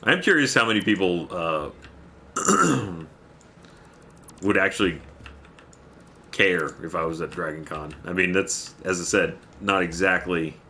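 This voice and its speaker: A man's voice: deep voice, expressive, unhurried, long pauses, pushed and bright, a little hiss or hum. A man livestreaming a game, chatting casually, rambling and thanking viewers by name as he plays. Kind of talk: casual chat while playing a game.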